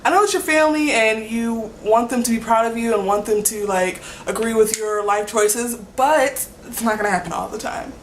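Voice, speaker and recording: This young vlogger talks at a moderate pace with few pauses in a high-leaning voice, giggling, apologizing, and using "like" constantly as she rambles in a casual vlog. There's a little hiss or hum in an echoey room with faint ambience.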